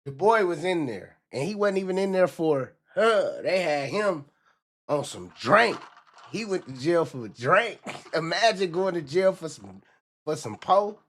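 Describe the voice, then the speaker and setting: A fairly high-voiced man rants on a livestream in loose, animated bursts. He repeats himself a lot and often slips into mock voices. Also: a little slow. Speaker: livestream commentator.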